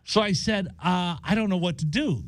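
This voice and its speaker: This radio show host has a high-pitched voice and speaks at a moderate pace during a casual chat in his studio. He's animated, giving voice to the people in his story. The studio-quality audio has no echo.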